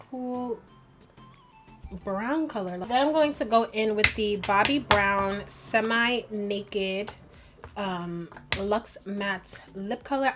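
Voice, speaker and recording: A young woman chatting through a makeup tutorial, rambling and peppered with "like", laughing at herself as she goes. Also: mid-range voice. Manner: rambling, chatty, heavy use of "like". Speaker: beauty vlogger. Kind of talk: get-ready-with-me makeup tutorial chat.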